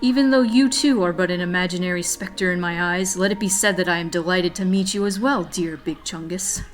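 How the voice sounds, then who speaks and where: Pompous game cat guide, ornate diction, lowish voice; woman streamer reads him. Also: brisk, faint music behind, close to an everyday voice. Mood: pompous, courtly. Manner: ornate, formal, flowery speech. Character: pompous, courteous talking cat guide, male.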